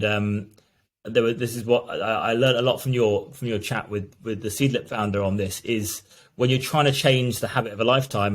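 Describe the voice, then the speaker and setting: Earnest low-voiced founder, man. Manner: earnest, explanatory, many restarts. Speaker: brand founder guest. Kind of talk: business interview answers.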